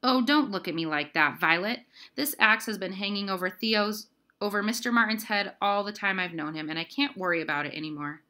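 A woman's voice: mid-range voice, brisk, pushed and bright, lightly acted. A woman voicing a worn-out young woman who talks to her little sister in a tired, sighing, reassuring way. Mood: weary.

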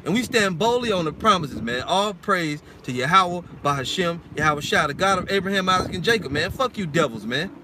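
A man's voice: high-pitched, expressive, fairly quick, few pauses, background noise. A man preaching an informal sermon and reading scripture, blunt and heated, swearing often and ending lines with "man.". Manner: heated, blunt and profane, keeps adding "man".

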